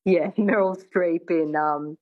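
A woman's voice: lowish voice, fairly even intonation, slow. Chatty woman coach. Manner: chatty, repeats "I mean". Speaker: accent coach. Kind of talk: radio interview guest. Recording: muffled lo-fi audio.

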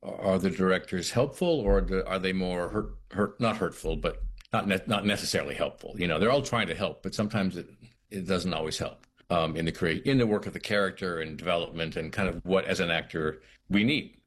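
A man in middle age talks through his career in an interview. His voice sits very low with a husky edge. He thinks aloud, restarting phrases and acting out little quoted exchanges. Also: fairly bright tone. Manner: thoughtful, halting, many restarts and quoted asides. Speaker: actor, guest. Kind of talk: reflective interview talk.

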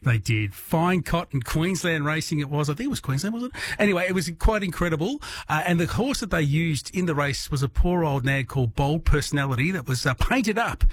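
A man's voice: fairly high pitch, a little fast, few pauses. A man hosting a late-night radio quiz, chatting easily with callers. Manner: relaxed, chatty, friendly banter with callers. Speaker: radio host.

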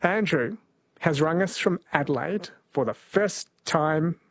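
Give me a man hosting talkback radio, slightly high and husky. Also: animated, takes it slowly, dry recording, clean studio sound.

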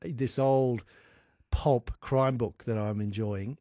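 A man hosting a casual studio radio interview. He is chatty and quick to react. His voice sits mid-range and sounds close and dry on the studio mic. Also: medium pitch, steady tone, warm tone, no room sound. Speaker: radio host.

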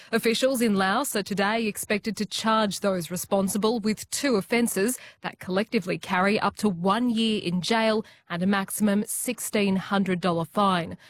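A woman's voice: mid-range voice, a little hiss or hum. Australian woman reading radio news. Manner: measured, formal delivery. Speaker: newsreader.

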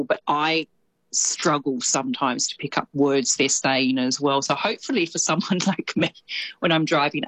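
A woman with a low, deep voice and an Australian accent chats her way through a radio report. She is lively and quick to laugh. The sound is close and dry, with no room around her. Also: no echo, rough recording. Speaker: radio correspondent. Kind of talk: casual radio chat.

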